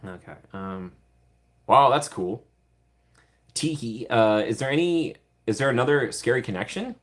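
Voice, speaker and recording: On a livestream, a man with a medium-pitched, fairly bright voice answers viewer comments playfully, giggling often. He sounds animated yet unhurried in his casual chat.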